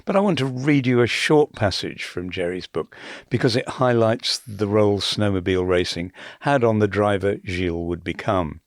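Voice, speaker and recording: A man co-hosting a podcast, reading aloud and chatting in a measured way with dry humour. His voice sits a little low. The recording is close and dry. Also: expressive, dry recording. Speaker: podcast co-host.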